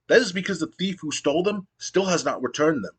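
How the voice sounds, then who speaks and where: A man's voice: fairly high pitch, animated, brisk, slightly rough, voice pushed up. A man voicing an indignant, self-righteous male wrestler accusing a rival of theft.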